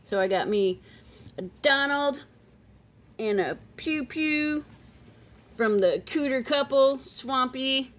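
Female collector vlogger, higher voice, unhurried and playful, with sing-song outbursts. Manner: playful, chatty, with excited squeals and sing-song calls. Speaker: silver coin collector vlogger. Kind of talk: casual unboxing chat.

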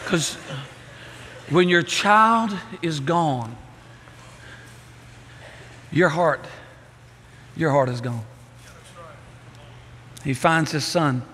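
A middle-aged man preaching a sermon, telling a story with lively acted-out voices. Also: a little high, extremely slow, pauses often, slight background noise. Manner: animated storytelling, acting out voices. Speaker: pastor. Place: church sanctuary. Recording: reverberant church hall.

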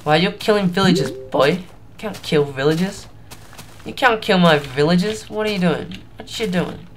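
A man's voice: high-pitched, moderate pace, a little hiss or hum, pitched above the performer's own voice, close to an everyday voice. A man putting on a cocky, taunting mock persona with clipped, sing-song phrasing for game characters.

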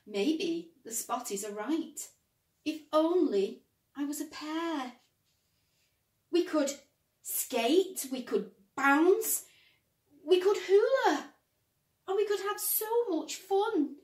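A woman voicing a lonely, gentle male odd sock in a storybook, with a wistful, pleading voice. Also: high voice, lively intonation, takes it slowly, pauses often, voice pushed up. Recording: roomy, distant mic.

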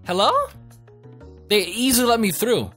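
A young man giving casual, profane commentary over his gameplay, joking, rambling and reacting loudly to what happens on screen. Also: sits high, animated, normal speed. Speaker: let's play gamer. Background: faint game music.

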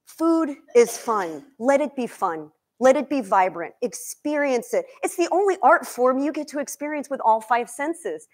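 A woman nutrition coach and cookbook author from Egypt, giving a lively talk to a live audience in a demo kitchen, asking them questions. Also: high-pitched. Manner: energetic, questions the audience, emotional.

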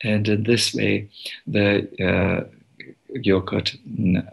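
A man giving a devotional talk as a monk, telling a story in an unhurried, gentle way with many pauses. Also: on the low side, fairly even intonation, gravelly.

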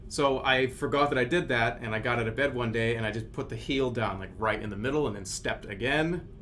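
A man's voice: mid-range voice, brisk, fairly bright tone, a little hiss or hum. A man hosting a live stream, rambling in a flustered, agitated way with frequent cursing.

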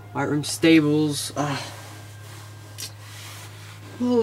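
Man gamer, casual commentary, slow drawl, a bit high, frustrated outbursts, mutters. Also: slight background noise. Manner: excitable, quick to frustration, mutters to himself.

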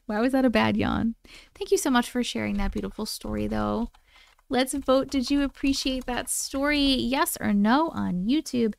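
A woman chats on a casual live stream from home, gushing and affectionate with her viewers. Her voice sits high and carries a gravelly fry. The sound is smooth and very dry, close to the mic. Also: moderate pace, dry recording. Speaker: live-stream host reading viewer stories.

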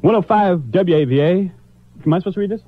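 A man's voice: sits high, expressive, fast. A man working as a radio disc jockey, joking on air in a playful, mock-sentimental, self-mocking way. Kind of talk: joking morning radio banter. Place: radio studio. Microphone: studio microphone. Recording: muffled old radio aircheck.

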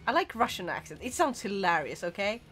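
A woman's voice: medium pitch, big pitch swings, brisk, fairly bright tone, soft background music. A woman streaming a video game, chatting casually with her viewers and giggling often. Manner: giggly and chatty, reacting to chat. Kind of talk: casual livestream chat while playing.

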